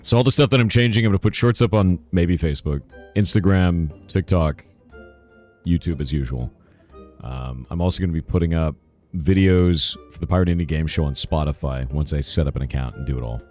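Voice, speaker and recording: A hoarse man streaming live, answering chat in a rambling casual way with lots of "right?" asides. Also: low-pitched, brisk, a little mellow, faint music behind. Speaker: streamer and game developer.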